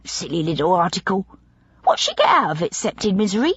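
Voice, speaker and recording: A woman's voice: lowish voice, big pitch swings, a little fast, breathy edge, dry recording, lo-fi sound. A woman voicing an eager, gossipy young housemaid who talks in broad working-class dialect. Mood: earnest.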